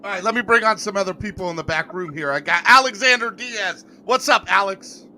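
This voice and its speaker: A man's voice: high voice, fairly quick, bright, forceful tone, slight background noise. A man hosting a sports podcast panel, playful and teasing in casual chat. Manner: playful, teasing, laughs often. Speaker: podcast host.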